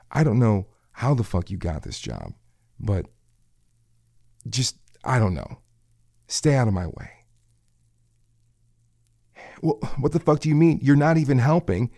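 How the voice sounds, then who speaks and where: A man playing a domineering, crude male kitchen coworker in an adult audio role-play, taunting and commanding in a husky voice with breathy asides. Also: mid-range voice, warm tone, dry recording, studio quality, heavily acted. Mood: irritated.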